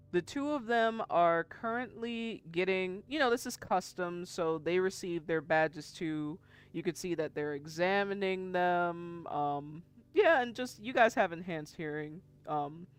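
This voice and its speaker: Slow, smooth-voiced game master. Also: mid-range voice. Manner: relaxed, chatty narration. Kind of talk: narrating a tabletop game.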